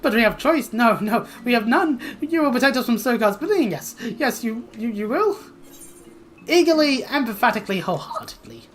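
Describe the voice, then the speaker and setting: A woman's voice: a little high, sing-song, moderate pace, faint music behind, voice pushed up. A woman voicing a whiny, cowering male kobold underling who wails and repeats his words in anxious triplets. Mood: wailing. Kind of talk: reading game dialogue aloud.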